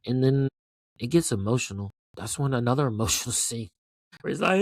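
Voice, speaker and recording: A man hosting his own show, giving a casual, rambling recap of a TV finale. He talks with excitement, swears freely and keeps asking "right?". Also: mid-range voice, normal speed, dry recording, clean studio sound. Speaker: show host.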